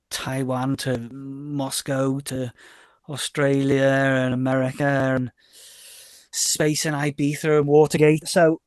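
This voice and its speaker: Scouse guy in his 40s or 50s chatting on a podcast, voice sits a bit high, dry close sound, keeps repeating and fixing himself. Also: dry recording. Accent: Liverpool Scouse. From Liverpool, England. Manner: rambling and self-correcting, often repeats words; lively storyteller who acts out quoted exchanges. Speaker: DJ and label owner, podcast guest. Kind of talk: casual interview chat.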